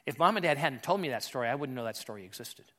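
A male pastor preaching a storytelling sermon. He talks conversationally with repeated restarts and swings from quiet asides to loud, emphatic peaks. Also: mid-range voice, animated, very fast.

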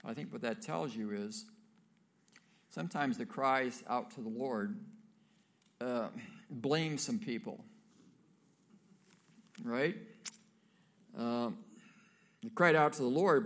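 Gravelly-voiced male pastor preaching. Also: mid-range voice, slow pace, long pauses, a bit bright. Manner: reads scripture aloud and adds casual asides to the congregation. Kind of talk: sermon.

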